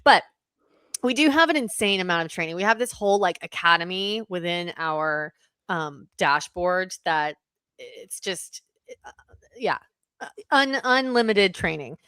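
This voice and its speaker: A woman co-hosting a casual podcast, talking excitedly and often backtracking to correct herself. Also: fairly low pitch, unhurried, clean tone, dry recording. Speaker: podcast co-host.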